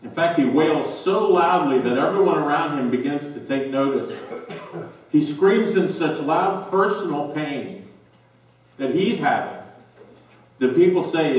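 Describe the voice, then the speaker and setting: A male pastor preaching a sermon, slow and emphatic with dramatic pauses, recorded in a church sanctuary. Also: on the high side, lively intonation. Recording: very echoey church from a distance.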